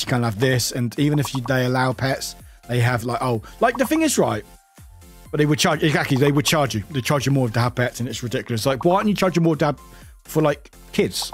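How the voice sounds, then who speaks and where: A man streaming a game and chatting casually with his viewers, rambling along, laughing often and swearing freely. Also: mid-range voice. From United Kingdom. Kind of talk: casual chat with viewers while gaming.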